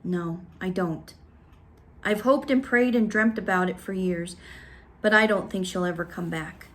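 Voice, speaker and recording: A woman reading aloud, voicing a gentle, sad preacher father who speaks quietly and softly. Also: fairly low pitch, unhurried, close to an everyday voice. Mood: soft, weary. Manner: soft, quiet, subdued.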